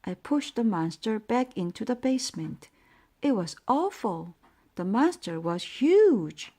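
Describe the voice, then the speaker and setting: Slow-reading woman storyteller. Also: on the high side, very animated, mellow. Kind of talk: bedtime story narration.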